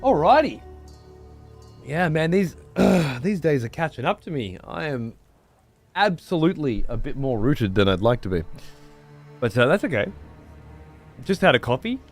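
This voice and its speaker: A man streaming a video game, chatting casually and swearing freely with excitable outbursts. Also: mid-range voice, normal speed, long pauses, faint music behind. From United Kingdom. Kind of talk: casual gameplay livestream chat.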